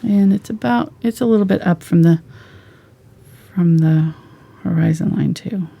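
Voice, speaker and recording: A woman giving a live painting lesson, chatty and relaxed, sometimes dropping into soft whispers as she works. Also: mid-range voice, normal speed. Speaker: painting instructor.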